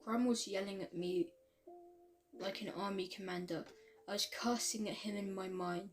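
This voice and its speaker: A woman's voice: mid-range voice, fairly even intonation, moderate pace, faint music behind. A woman reading a fan-made story aloud in a casual way, stumbling over words and correcting herself. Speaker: reader of fan fiction.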